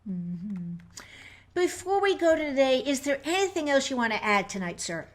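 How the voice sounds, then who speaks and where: A woman's voice: high voice, big pitch swings, normal speed. A woman host interviewing a guest in a bubbly, enthusiastic way. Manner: bubbly, enthusiastic, laughs often. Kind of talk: upbeat interview.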